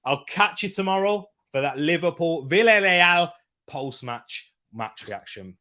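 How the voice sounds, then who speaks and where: A man's voice: a little high, lively intonation, measured pace, bright, forceful tone. A young man hosting his own football channel, giving a casual match reaction in a chatty, jokey way and reading out viewer comments.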